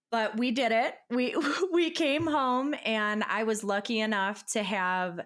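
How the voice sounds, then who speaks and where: A young woman co-hosting a mom podcast. She speaks in a reflective, supportive tone and laughs often, with a mid-pitched voice in casual conversation. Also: fairly bright tone. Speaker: podcast co-host. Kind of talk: casual chat.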